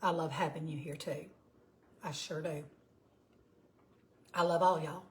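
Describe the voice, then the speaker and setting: A woman's voice: low voice, steady tone, a little slow, a little hiss or hum. A woman in her fifties with a Southern US accent, chatting casually with viewers on her cooking livestream and greeting them by name. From Georgia, US. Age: 50s. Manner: chatty, reads out viewer comments.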